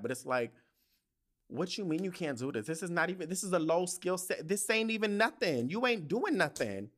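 A man's voice: sits high, expressive, a little fast, fairly bright tone. A young adult man hosting a podcast, venting in a heated, profane and story-driven casual monologue. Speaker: podcast host.

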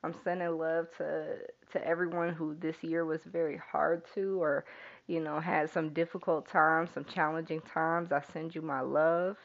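A woman hosting a spiritual podcast, speaking softly and soothingly as she guides listeners to breathe. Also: low-pitched, flat delivery, normal speed, vocal fry, muffled recording. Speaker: podcast host. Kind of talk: spiritual podcast talk, calm and reflective.

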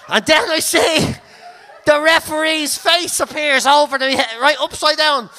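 An Irish man hosting a podcast, telling a comic story in a sweary, laughing, animated way. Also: very high voice, unhurried. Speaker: comedian podcast host.

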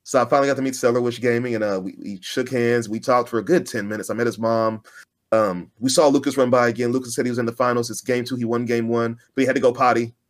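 Fast-talking man telling stories. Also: mid-range voice. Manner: animated storyteller who acts out quoted voices. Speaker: podcast co-host. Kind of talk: casual chat.

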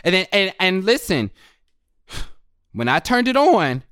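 A male guest with a bright, forceful voice that is smooth and crisp, speaking from his apartment. He tells stories in an expressive, playful way, and his voice sounds dry and close to the mic. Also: high voice, slow pace, dry recording. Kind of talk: casual chat. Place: apartment, remote call.

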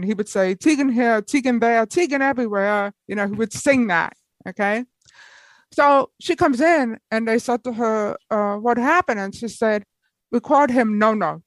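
Woman guest, lively storyteller, mid-pitched, dry close sound. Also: dry recording, poor audio. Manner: animated, lively storyteller, laughs often. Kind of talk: personal storytelling in conversation.

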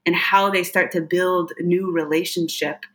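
A woman's voice: fairly low pitch, steady tone, measured pace. A woman guest, a psychic medium, talking earnestly in a casual interview, with many fillers and laughs.

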